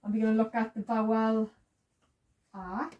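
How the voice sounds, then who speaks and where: A woman's voice: fairly high pitch, level tone, moderate pace, far from the mic, dull audio. A woman teaching a beginner's language lesson, patiently walking through each sound step by step. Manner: patient, repeats sounds and steps. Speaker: Hebrew teacher.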